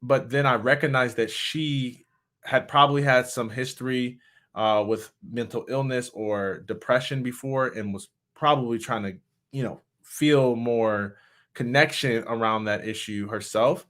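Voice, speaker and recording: A middle-aged man talks with a frank, reflective openness. His speech halts and restarts as he gathers his thoughts, the words sincere rather than polished, in a voice of ordinary middle pitch. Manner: candid, halting, with many restarts and soft laughs. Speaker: motivational speaker and suicide survivor. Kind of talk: personal reflective talk.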